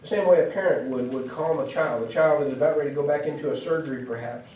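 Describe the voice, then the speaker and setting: A man's voice: fairly high pitch, fast talker, dark tone, slight background noise. Man preaching in an echoey church. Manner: earnest, explanatory, with frequent restarts and fillers. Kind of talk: sermon. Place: church hall. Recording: echoey church hall, mic from far off.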